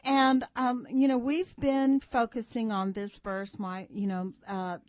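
A woman hosting a faith-based talk show, steering the conversation in a relaxed way with frequent fillers. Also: fairly high pitch, measured pace, no echo.

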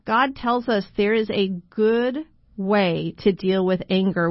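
A woman's voice: mid-range voice, no room sound, muffled recording. A woman hosting a Christian radio talk show from a studio, speaking to listeners in a friendly, direct way as "friends.". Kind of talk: faith-based radio talk.

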